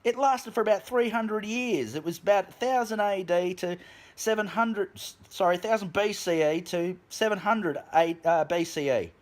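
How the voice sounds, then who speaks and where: A man's voice: high voice, normal speed. An Australian man delivering an angry, profane rant to his camera in a vlog. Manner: profane, heated, shouts at times. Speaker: vlogger. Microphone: camera mic.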